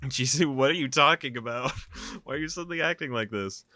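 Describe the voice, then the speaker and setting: A man's voice: medium pitch, big pitch swings, takes it slowly, no echo, studio quality, pitched above the performer's own voice, full character voice. A man voicing a tearful, anxious young woman protagonist in a visual novel, pleading in distress. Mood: bewildered.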